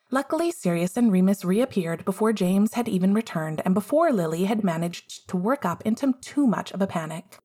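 A woman narrating a fan fiction story aloud in an expressive, measured way. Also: medium pitch. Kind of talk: fan fiction audiobook reading.

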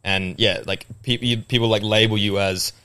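A man's voice: on the low side, steady tone, normal speed, bright, forceful tone, clear, resonant tone. A young man chatting casually on a podcast, rambling with lots of fillers and restarts.

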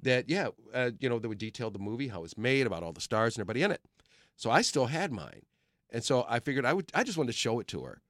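A middle-aged man from Detroit who hosts a film show, telling animated stories in casual chat and acting out the people he quotes. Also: mid-range voice, fast, dry recording, clean studio sound. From Detroit, USA. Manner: animated storyteller who acts out quoted voices.

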